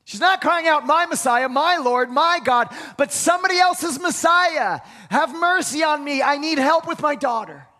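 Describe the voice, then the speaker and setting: A man's voice: very high-pitched, normal speed, few pauses, bright, forceful tone. A man preaching a sermon, building to emphatic peaks and repeating key phrases. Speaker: pastor. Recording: long hall reverb.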